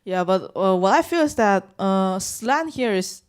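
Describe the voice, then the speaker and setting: A woman's voice: mid-range voice, expressive, measured pace, clear, resonant tone. A woman graduate student in a poetry seminar, speaking hesitantly with many fillers and laughing easily. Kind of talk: casual seminar discussion.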